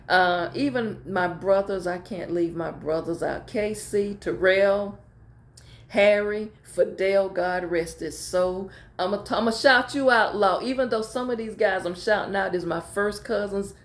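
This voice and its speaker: A woman's voice: mid-range voice, echoey room. A middle-aged woman pastor talking casually to her viewers, telling heartfelt stories in informal speech and repeating phrases for emphasis. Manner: colloquial, informal grammar. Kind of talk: casual personal talk to viewers.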